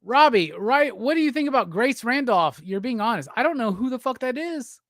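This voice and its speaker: A man's voice: very high voice, lively intonation, a little fast, dry recording, studio quality. A man hosting a casual livestream chat, drunk, profane and teasing as he rambles. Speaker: livestream host.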